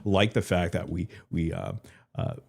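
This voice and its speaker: A man's voice: low voice, very animated, unhurried, gravelly, darkish tone. A man hosting a live stream, talking in a loose, profane, joking way and repeating himself. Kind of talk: rambling crude live stream commentary.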